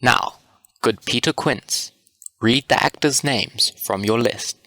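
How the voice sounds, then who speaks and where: A man reading the part of a patient carpenter who runs a play and hands out roles, in an orderly, calm manner, in a storybook reading. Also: medium pitch, slow pace, no echo. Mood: organizing.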